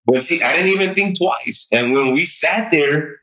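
A man on a podcast, telling his weight loss story in an animated, chatty way and peppering it with "like" and "dude". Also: on the high side, normal speed, low-quality recording. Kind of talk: casual interview storytelling.

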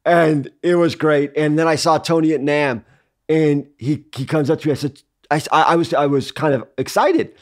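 A man with a fairly high voice tells a long, rambling story as a podcast co-host. He slips into the voices of the people he quotes and keeps the tone casual. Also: normal speed. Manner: rambling anecdote that acts out quoted dialogue.

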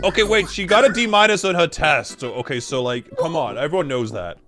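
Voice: medium pitch, expressive, brisk, a bit bright, soft background music, natural voice. An actor playing a grumpy, gloomy dad. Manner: gloomy, complaining.

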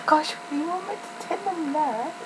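A young woman co-hosting casual gameplay commentary, giggly and quick to laugh. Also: very high-pitched, noisy background. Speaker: co-host. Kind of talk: casual let's-play commentary.

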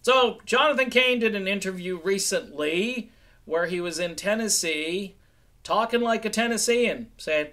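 A middle-aged man from New England with a fairly high voice talks through music news in a relaxed, chatty commentary. He keeps it animated and conversational, now and then dropping into quoted voices. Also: measured pace. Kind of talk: casual commentary vlog.

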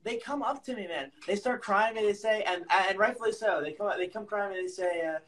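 A man co-hosting a casual podcast chat, teasing and telling stories with halting restarts. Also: high-pitched, crowd noise. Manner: teasing, acts out anecdotes with hesitant restarts. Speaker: podcast co-host.

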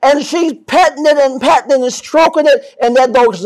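A man preaching a sermon as pastor, swinging from soft to loud and often repeating and restarting words. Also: extremely high pitch, moderate pace, hardly any pauses.

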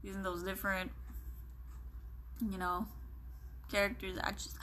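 Bright-voiced flirty woman on a livestream. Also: mid-range voice, little pitch movement, a little slow, a little hiss or hum. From Philippines. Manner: flirty and teasing, often dropping to a hushed voice. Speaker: livestream host. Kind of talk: casual live-stream chat, reading comments aloud.

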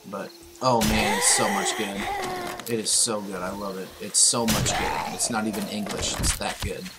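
A man casually commentating on a survival game as he plays, excitable and talking back to the enemies on screen. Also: on the low side, very noisy. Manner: excitable, talks to the game's enemies. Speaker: gameplay commentator. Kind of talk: casual let's-play commentary. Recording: loud game music under the voice.

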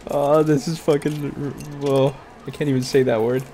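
Here a gaming YouTuber's warm, slightly high voice comes through with a faint hiss or hum. He rants crudely through a Let's Play, swearing all the time and telling off the character he's controlling.

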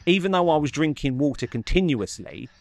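A man narrating his run afterwards in a measured, slightly dramatic voice-over. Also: fairly high pitch, expressive, vocal fry, a little hiss or hum.

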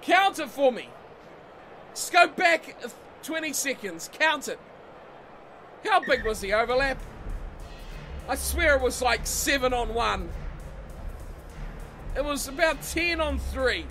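A man giving excitable let's-play commentary on a rugby video game, swearing and yelling at his own team. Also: extremely high pitch, slow pace, pauses often. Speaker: gaming channel host. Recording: game music playing behind the voice.

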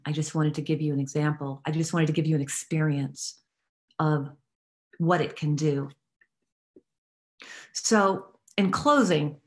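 A woman leading a guided tapping exercise, giving calm step-by-step instructions and affirmations to repeat. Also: deep voice. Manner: calm instructive guiding, repeat-after-me phrasing; affirming, uplifting delivery. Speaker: recovery workshop facilitator.

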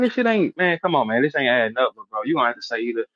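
A middle-aged man hosting a casual interview, loudly calling out a rival with brash, repetitive trash talk. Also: medium pitch, animated, racing, few pauses, no echo. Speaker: host. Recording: dull, dry lo-fi sound.

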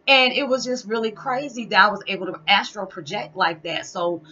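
A woman's voice: mid-range voice, a little fast, bright, forceful tone, muffled recording. A woman vlogger telling a spiritual story in a chatty, rambling way, often restarting and laughing. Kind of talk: casual storytelling monologue.

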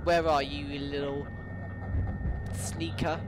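A young man with a high, light voice chats through a horror game, rambling and joking with the ghosts on screen. The recording has a steady layer of hiss and game ambience behind him. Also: slow pace. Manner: rambling, jokey, talks to the game's ghosts. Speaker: let's play gamer. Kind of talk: casual gameplay commentary.

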